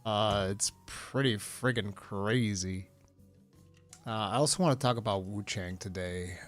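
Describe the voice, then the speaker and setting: A man with a lowish, slightly slow voice hosts a casual live stream over soft background music. He rambles through gaming news, reads chat aloud, and breaks into bursts of laughing excitement.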